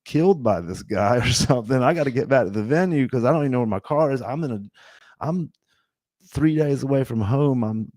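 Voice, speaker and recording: A man's voice: mid-range voice, lively intonation, brisk, a little mellow, no echo, clean studio sound. A man in his fifties, a podcast host telling a story in a loose, rambling way with many restarts. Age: 50s. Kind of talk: casual storytelling.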